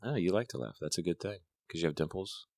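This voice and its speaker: A man's voice: sits low, lively intonation, fast talker, a little mellow, dry recording. A middle-aged man hosting a podcast, teasing and swearing in dry banter. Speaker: podcast host. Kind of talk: casual chat.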